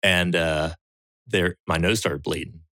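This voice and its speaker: A man's voice: low-pitched, steady tone, measured pace, pushed and bright, no room sound. A man from the United States, a podcast guest, telling a story in blunt, profane casual talk. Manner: blunt and profane, quotes others as he tells it.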